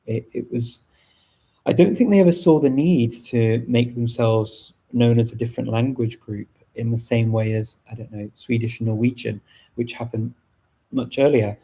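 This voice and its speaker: A middle-aged man chatting casually on a live stream, thoughtful and rambling, with frequent pauses and restarts. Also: mid-range voice, steady tone, warm tone, husky. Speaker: language channel host.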